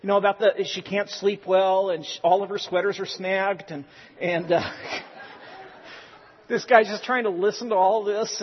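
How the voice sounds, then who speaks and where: A man's voice: high voice, fairly even intonation, moderate pace. A man preaching a sermon in an earnest, exhorting way with joking asides. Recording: reverberant hall, dull lo-fi sound.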